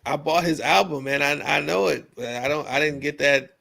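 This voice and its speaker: A man co-hosts a podcast with a casual, chatty manner. His voice is gravelly and bright with a tense edge, and it sits a little high for a man. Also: normal speed. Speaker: podcast co-host. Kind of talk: casual chat.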